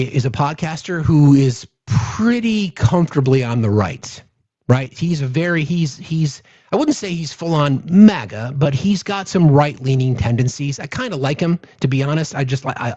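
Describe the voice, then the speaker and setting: Man, political commentary host, angry rant, profane, higher pitch, muffled lo-fi audio. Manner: profane, heated and shouting out. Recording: dull lo-fi audio.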